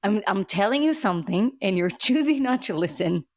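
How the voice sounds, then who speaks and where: A woman co-hosting a casual TV recap podcast, talking excitedly with emphatic repeats and laughter. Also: medium pitch, a little fast, dry recording, studio quality. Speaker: podcast co-host.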